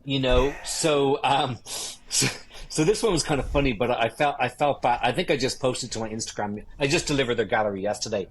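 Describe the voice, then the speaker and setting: A man's voice: mid-range voice, a little fast, husky. A man, a guest photographer telling swear-laced wedding stories in a casual interview. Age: 50s. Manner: swearing, animated anecdotes.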